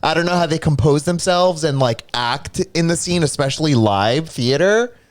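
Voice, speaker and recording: A man co-hosting a live stream, talking in an animated, exclaiming way. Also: on the high side, moderate pace. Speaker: podcast co-host. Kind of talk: casual live-stream chat.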